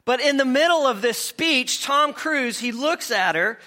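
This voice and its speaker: A man preaching with a high, bright voice that sits well above most men's. He talks conversationally, restarting phrases and asking the room questions. It sounds like a pastor working through a message. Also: lively intonation, unhurried. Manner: conversational, asks the congregation questions, repeats words as he goes. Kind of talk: sermon.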